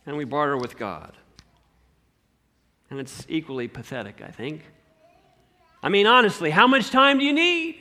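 A man preaching a sermon in an animated way, swinging between loud emphasis and hushed asides. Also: fairly high pitch, normal speed, pauses often. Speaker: pastor.

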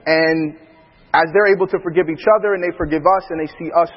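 High husky dad telling church stories, lively, echoey hall, kinda muffled. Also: male voice, quick pace. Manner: animated storyteller who acts out his family's lines and laughs often. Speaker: father speaking alongside his wife. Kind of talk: church talk on parenting with anecdotes.

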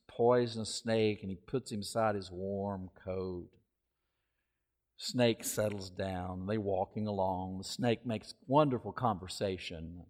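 A man preaching a sermon in a conversational way, with asides and quick self-corrections. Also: lowish voice, big-room sound.

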